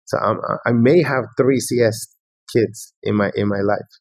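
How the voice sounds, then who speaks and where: A man's voice: mid-range voice, moderate pace, darkish tone, breathy edge, no echo, low-quality recording. A middle-aged man hosting a casual interview, enthusiastic and prone to repeating his phrases. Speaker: podcast host.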